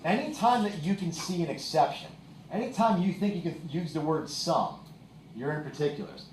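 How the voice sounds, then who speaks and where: A man's voice: fairly high pitch, animated, normal speed, slight background noise. A male teacher giving a classroom lecture, explaining with examples and often checking in with "okay?". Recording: echoey classroom, voice from far off.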